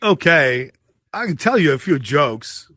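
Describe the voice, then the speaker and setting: A man's voice: on the high side, very animated, sharp tone, dry recording. A man doing stand-up comedy and hosting acts, with self-mocking jokes in a virtual reality comedy club. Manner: self-mocking, slow joke delivery.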